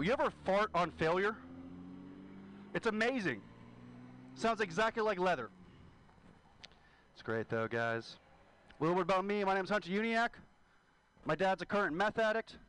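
A man's voice: sits high, animated, normal speed, pauses often, fairly bright tone, a little hiss or hum, rough recording. A man doing crude, self-deprecating stand-up at a comedy venue. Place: comedy venue, live audience.

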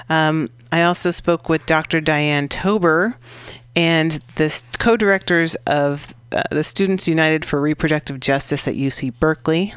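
A woman's voice: rumbling low, smooth, dry recording. A woman hosting a community radio show, recapping past guests in a chatty, rambling way with lots of fillers. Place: radio studio.

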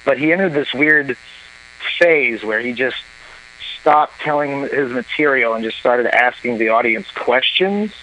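A man telling a long comic story on a talk show, animated and profane, acting out what others said. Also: mid-range voice, measured pace, a little hiss or hum, poor audio. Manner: animated, profane, acts out quoted voices. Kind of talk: casual storytelling.

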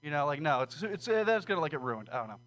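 A man's voice: fairly high pitch, big pitch swings, quick pace, a bit bright. A man doing a rambling, profane, self-deprecating stand-up set at an open mic. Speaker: stand-up comedian. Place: small comedy room with audience.

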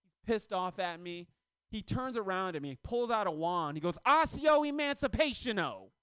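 Animated high-voiced male comic on stage. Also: normal speed, clear, resonant tone, dry recording. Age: 30s. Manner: loose conversational delivery with shouted punchlines. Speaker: stand-up comedian. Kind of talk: stand-up set. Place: comedy club stage.

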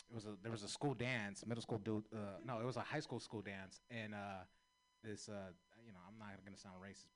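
Profane, rambling young stand-up comic. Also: male voice, fairly low pitch, a bit bright. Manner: loose, profane, rambling storytelling with laughs. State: high. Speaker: stand-up comedian. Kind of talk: stand-up set.

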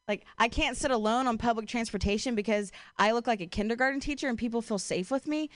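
A woman's voice: on the high side, fast, few pauses, no room sound. A young woman from Ohio doing a stand-up comedy set, casual and profane, full of "like" and "you know", self-deprecating. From Ohio, USA.

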